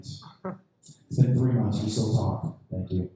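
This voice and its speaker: Deadpan, halting man in an echoey lounge. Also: fairly low pitch. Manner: halting, deadpan, lots of fillers. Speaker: stand-up comedian at an open mic. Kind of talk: stand-up comedy set. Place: lounge comedy night, indoors. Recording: very echoey room from far off.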